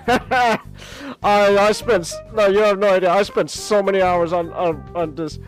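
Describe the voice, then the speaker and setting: A man hosting a live stream, chatting casually in an excitable way, swearing freely and laughing a lot. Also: sits high, measured pace, soft background music. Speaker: streamer host.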